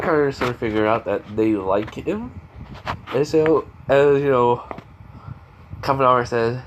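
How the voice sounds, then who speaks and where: A man narrates a homemade fan story off the cuff, filling gaps with "you know" and "like" and correcting himself on the fly. His voice sits in an ordinary middle pitch. A faint background hum sits under the recording. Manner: rambling, full of "you know" and "like", self-correcting.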